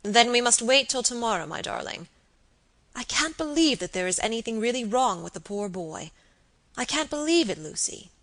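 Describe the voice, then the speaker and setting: A woman's voice: fairly high pitch, animated, normal speed, fairly bright tone, pitched above the performer's own voice. A woman reading the part of a fond, anxious elderly baronet, with earnest, affectionate pleading. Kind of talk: audiobook character reading.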